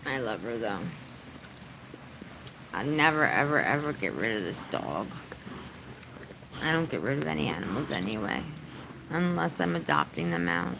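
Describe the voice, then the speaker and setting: A woman's voice: a bass voice, big pitch swings, normal speed, vocal fry, long pauses, background noise. A woman vlogger chatting casually on a livestream from her home during a storm, doting on her dog.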